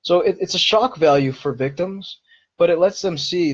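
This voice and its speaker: Husky man hosting a live Q&A. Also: high-pitched, normal speed, muffled recording. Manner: earnest, explanatory, warning tone. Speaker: host answering viewer questions. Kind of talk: live-streamed Q&A chat.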